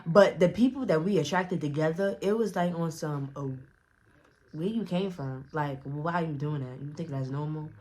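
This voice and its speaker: A woman's voice: sits low, normal speed, darkish tone. A young woman telling a casual storytime, rambling in slang with many restarts and acted-out quotes. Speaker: storyteller vlogger.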